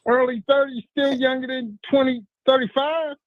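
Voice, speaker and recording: A man's voice: extremely high pitch, steady tone, moderate pace, no room sound. A man calling into a live show, confident and teasing while making his prediction. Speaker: caller. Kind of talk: casual live call-in chat. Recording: dull, muffled phone-call audio.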